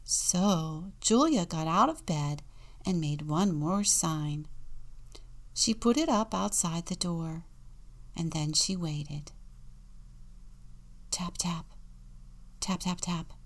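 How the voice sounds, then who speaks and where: A woman's voice: on the low side, expressive, slow. A woman deacon reading a children's picture book aloud, dropping into whispers for suspense and acting out the sound words.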